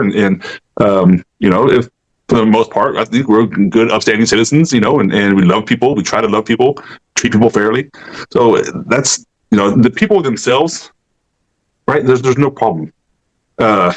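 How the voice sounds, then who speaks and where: A man with a fairly low voice, talking earnestly in a casual podcast chat. He rambles and keeps checking in with "right?" and "you know". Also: poor audio. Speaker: podcast co-host. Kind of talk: casual conversation.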